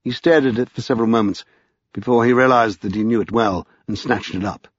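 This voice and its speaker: Husky male audiobook narrator. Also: medium pitch, no echo. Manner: measured, expressive storytelling. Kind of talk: scripted narration. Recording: slightly dull, dry lo-fi.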